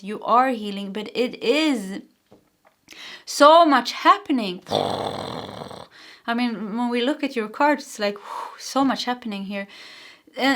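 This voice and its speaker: A woman with a Swedish accent giving a pick-a-card tarot reading, gentle and reassuring, with soft laughs and restarts. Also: on the high side. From Sweden. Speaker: tarot reader.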